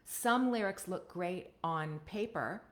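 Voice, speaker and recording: An American woman with a fairly low, expressive voice talks at a slow pace, coaching voiceover in a casual way. Her chatty live stream is picked up by a computer webcam, and she often finishes a point with "right?"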